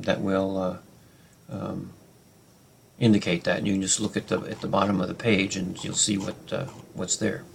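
A man's voice: mid-range voice, creaky. A man teaching a verse-by-verse Bible study, talking unscripted with many fillers and restarts, explaining Hebrew grammar and reading scripture aloud.

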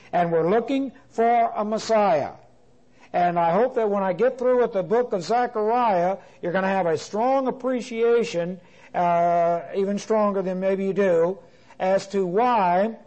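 A man teaching a Bible class in a lecture style, deliberate, restating his points with frequent "uh" fillers. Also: high-pitched, a little mellow, low-quality recording.

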